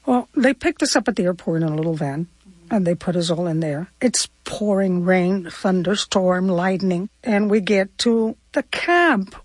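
A woman's voice: fairly low pitch, expressive, measured pace, slightly rough, no room sound. An older woman from Cuba, a guest in an interview, recalling her past in a heartfelt, vivid and reflective way. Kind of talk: personal storytelling interview.

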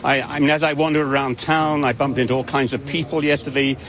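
A man's voice: medium pitch, flat delivery, quick pace, a bit bright, slight background noise. A male film critic speaking casually on location, chatty, with restarts and asides.

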